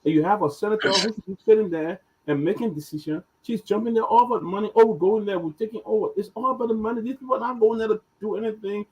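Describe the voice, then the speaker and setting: A man's voice: high voice, fast talker, hardly any pauses, a little mellow. A man on a political panel, indignant and firing rhetorical questions. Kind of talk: political talk show commentary. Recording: distant, husky call audio.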